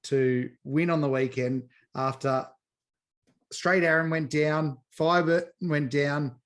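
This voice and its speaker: An Australian man co-hosting a podcast, teasing his mates and telling animated stories in casual banter. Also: a little high, takes it slowly. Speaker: podcast co-host. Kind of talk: casual banter about horse racing.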